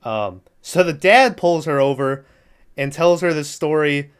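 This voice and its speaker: A man's voice: fairly high pitch, expressive, measured pace, clean tone. A man co-hosting a podcast, casually recapping a movie plot in a rambling way, laughing often and acting out the characters' lines. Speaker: podcast co-host.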